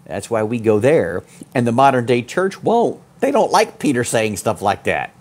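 A husky-voiced man preaches a fiery sermon. He swings from loud, high peaks down to low, muttered asides. His voice sits in a middle pitch. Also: sing-song, normal speed. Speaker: pastor.

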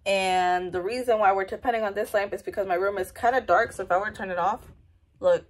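A woman's voice: mid-range voice, fairly even intonation, fast talker. A young woman in her twenties talking through her day in a casual vlog, candid and full of slang and swearing. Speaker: vlogger.

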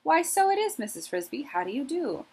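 A woman's voice: medium pitch, expressive, creaky, breathy edge, low-quality recording. A woman doing an elderly polite male mouse. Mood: cordial. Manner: polite, formal and slow. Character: elderly male white mouse, frail and courteous.

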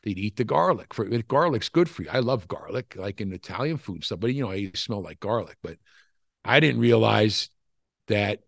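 A man's voice: fairly low pitch, moderate pace, vocal fry, no echo, clean studio sound. An older man telling rambling, profane stories from his wrestling days in a casual interview. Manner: profane, rambling, animated storytelling. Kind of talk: casual storytelling.

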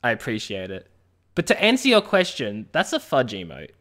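A woman's voice: rumbling low, wildly swooping pitch, normal speed, fairly bright tone. An Australian woman streaming a game and chatting playfully with viewers, often laughing. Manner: playful, laughing, teasing the chat. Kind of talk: casual live-stream chat.

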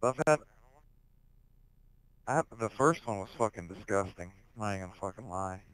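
A teenage boy in casual online voice chat on a headset, rambling crudely with heavy swearing and sudden shouted outbursts. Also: lowish voice, animated, moderate pace, clear, resonant tone, dry recording, low-quality recording. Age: teens.

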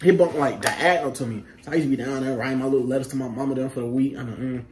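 A man's voice: medium pitch, racing, crowd noise. A young man telling barracks stories in casual chat, acting out the voices and laughing as he goes. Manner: animated storyteller, acts out quotes, laughs often. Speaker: vlog host.

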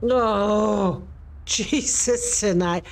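A woman's voice: medium pitch, drawn-out words. A woman reacting to a ghost hunt video, jittery, exclaiming and swearing, rambling when nervous.

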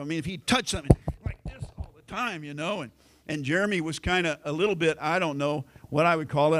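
A middle-aged American pastor preaching a sermon in a folksy storytelling way, acting out family conversations. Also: male voice, a little high. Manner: folksy storytelling, acts out quoted family lines.

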